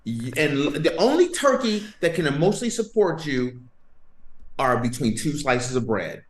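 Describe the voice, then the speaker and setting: A man's voice: a little high, moderate pace, roomy sound, a little hiss or hum. A man hosting a sports podcast, ranting and joking emphatically in casual banter. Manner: animated, joking, emphatic rants.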